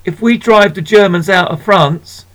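A man's voice: high voice, unhurried, fairly bright tone, voice pushed up, poor audio. A man doing an anxious, trusting little girl. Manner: hesitant, pleading.

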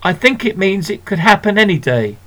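A man's voice: sits high, sing-song, a little fast, a bit bright, pitched above the performer's own voice, low-quality recording. A man voicing a hesitant, trusting little girl in a storybook reading. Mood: anxious. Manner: hesitant, pleading.

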